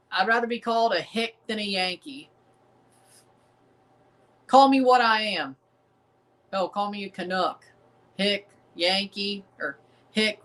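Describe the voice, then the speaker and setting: Southern US man, streamer host, bright voice, rambling and defiant, repeats lines. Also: high-pitched, rough recording. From American South. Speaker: streamer hosting a match watchalong. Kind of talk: casual livestream commentary.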